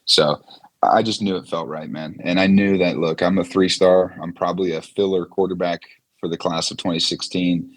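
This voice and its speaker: A man in his twenties, a former quarterback, telling stories as a guest in a casual interview, relaxed with many fillers. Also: deep voice, normal speed.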